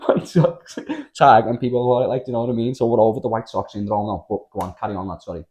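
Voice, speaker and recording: A young man with a Scouse accent, co-hosting a casual podcast, bantering, laughing and swearing as he tells stories. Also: lowish voice. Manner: fast, laughing, swearing, loud when excited. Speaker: podcast co-host.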